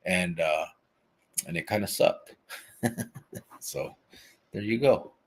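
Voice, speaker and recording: A man's voice: low voice, slow pace. A man hosting a live podcast, talking in a laid-back, rambling way with lots of fillers. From Arizona, US. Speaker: podcast host. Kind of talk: casual live podcast chat.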